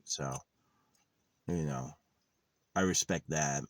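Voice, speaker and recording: A man in his thirties who lives in a van vlogs in a rambling, sardonic monologue, swearing casually along the way. His voice is a slow, rumbling low, and the recording has no echo.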